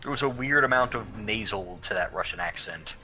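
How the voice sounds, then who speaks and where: Dry-witted low-voiced young man. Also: animated, fairly quick, bright, forceful tone, rough recording. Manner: dry, wry remarks. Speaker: co-commentator on a game stream. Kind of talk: casual gameplay commentary.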